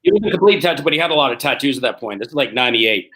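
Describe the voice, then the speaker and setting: A man in his forties, a comedian guest telling rough, profane stories on a video call and acting out the quotes. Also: medium pitch, big pitch swings, a bit bright. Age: 40s. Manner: rapid, profane storytelling that acts out quotes. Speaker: guest, street performer and comedian. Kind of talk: casual podcast chat.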